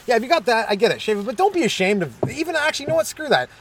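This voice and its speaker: Rambling hyperactive comedian. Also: male voice, extremely high pitch, sing-song, very fast, slight background noise. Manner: rambling, self-deprecating, hyperactive. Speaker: stand-up comedian and podcast host. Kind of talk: stand-up style comic monologue.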